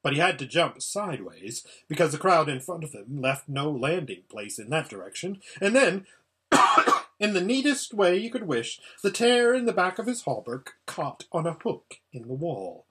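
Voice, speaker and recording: A man reading a children's novel aloud with expressive, lively storytelling. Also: on the high side, normal speed, husky. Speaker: audiobook reader. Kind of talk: storybook read-aloud narration.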